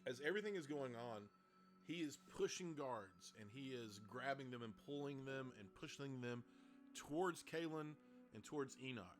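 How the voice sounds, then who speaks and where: A man's voice: mid-range voice, lively intonation, normal speed, soft background music. A man narrating as game master of a tabletop game, rambling and correcting himself.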